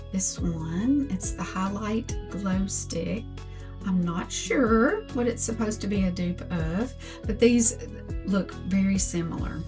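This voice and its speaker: Older lady doing a makeup tutorial, talks real slow, soft music behind. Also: medium pitch. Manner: slow, chatty product talk. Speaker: beauty vlogger.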